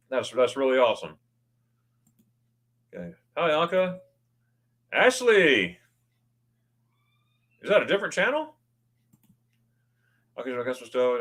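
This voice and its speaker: On a casual stream, the host, an American man with a voice on the high side, calls out viewers by name and reads what they've written. Excitable, he stammers often and restarts his words.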